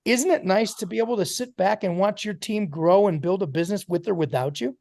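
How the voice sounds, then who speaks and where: A man's voice: high voice, fairly quick, vocal fry, darkish tone, dry recording, clean studio sound. A man giving an emphatic motivational talk to a sales team on a video call, calling on listeners by name.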